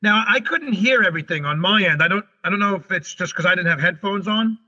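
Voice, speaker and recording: A middle-aged man, a guest on an interview show, telling a story in a rushed, animated way and often restarting his sentences. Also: high-pitched. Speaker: guest, comedian and paranormal investigator. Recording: dull lo-fi recording.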